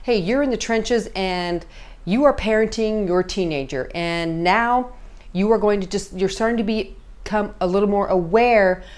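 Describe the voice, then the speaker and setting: A woman's voice: mid-range voice, a little slow, darkish tone. A middle-aged woman, a parenting coach, giving casual advice and checking in often with "okay?". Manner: conversational, checks in constantly with "okay?" and "all right?".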